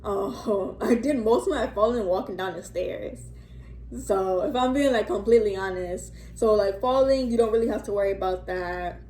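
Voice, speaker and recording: A woman's voice: medium pitch, moderate pace, mellow, slight background noise. Rambling young woman vlogging by phone. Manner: rambling, chatty, many fillers and "like"s, profane. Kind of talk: casual storytime vlog. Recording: echoey room, faint ambience.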